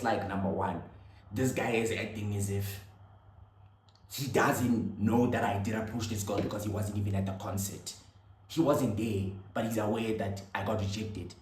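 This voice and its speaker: A young man, telling a personal story in an animated, slangy way that swings between loud and hushed. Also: lowish voice, a little hiss or hum. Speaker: vlogger. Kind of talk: storytelling monologue. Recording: echoey room with faint ambience.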